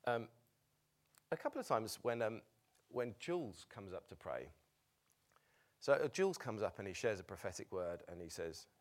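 A man preaching a sermon as pastor, animated, laughing easily and breaking off into halting restarts. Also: lowish voice.

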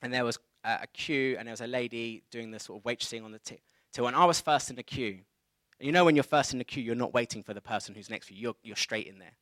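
A man in his thirties preaching a sermon, telling a personal story in a conversational, animated way. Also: mid-range voice, quick pace, dry recording. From England.

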